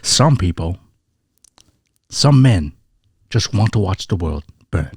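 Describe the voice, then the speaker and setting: A man putting on an older English man's Cockney voice as a celebrity impression, low and drawn out. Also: a little slow, darkish tone, no room sound, studio quality. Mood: deadpan.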